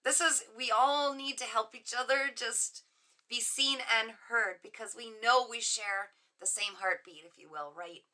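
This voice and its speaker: A woman's voice: on the high side, measured pace. A middle-aged woman hosting a casual livestream from her home office, chatting on and gushing at her viewers with frequent laughs. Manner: effusive, gushing and warm toward viewers. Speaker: livestream host and psychic reader. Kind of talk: casual livestream chat reading viewer comments.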